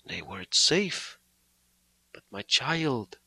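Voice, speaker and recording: A man reading aloud, voicing an elderly male doctor who speaks slowly, gravely and with fatherly pleading. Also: fairly low pitch, lively intonation, sharp tone, dry recording, heavily acted, low-quality recording. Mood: solemn. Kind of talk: audiobook character voice.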